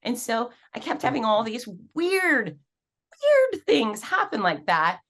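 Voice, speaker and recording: A woman guest on an interview podcast telling her story in a lively, animated way, acting out quoted voices with big jumps in pitch. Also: slow. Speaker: podcast guest, fitness professional and race announcer.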